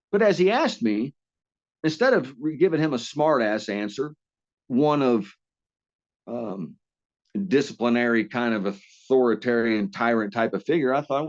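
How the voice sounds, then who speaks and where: A man's voice: mid-range voice, highs cut off. A man telling stories casually as an interview guest, rambling with frequent restarts and coarse language. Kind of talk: casual storytelling.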